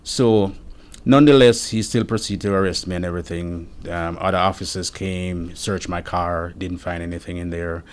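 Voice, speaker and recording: A man earnestly recounting an incident in a steady first-person account, giving testimony as an interviewee. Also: deep voice, normal speed, hardly any pauses. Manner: earnest, steady retelling with frequent quoted dialogue.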